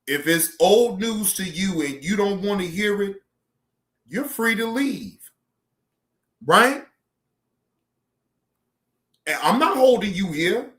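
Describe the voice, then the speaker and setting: A man's voice: high-pitched, lively intonation, takes it slowly, long pauses, fairly bright tone. A man hosting a livestream, talking bluntly and combatively to his chat in casual commentary. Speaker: streamer reacting to clips. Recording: roomy echo.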